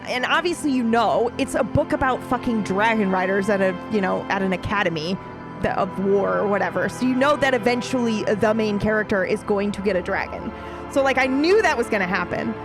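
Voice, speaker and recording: A woman streaming a game, chatting casually to her viewers in an excitable, profane way that is full of laughs. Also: medium pitch. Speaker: let's play streamer.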